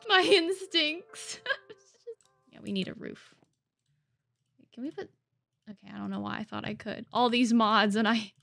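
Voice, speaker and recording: A woman's voice: medium pitch, vocal fry, fairly bright tone. A woman hosting a let's play, chatting playfully through her gameplay and laughing often. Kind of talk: casual gameplay commentary.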